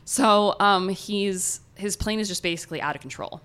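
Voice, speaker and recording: A woman with an Ohio American accent, retelling a story in casual, animated podcast chat with many filler words. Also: medium pitch, moderate pace, smooth. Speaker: podcast co-host.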